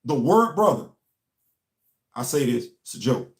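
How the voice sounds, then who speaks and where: A man's voice: medium pitch, very animated, measured pace. A young man from the United States hosting an impassioned monologue, emphatic and preachy, repeating his key lines. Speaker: host. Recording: echoey room.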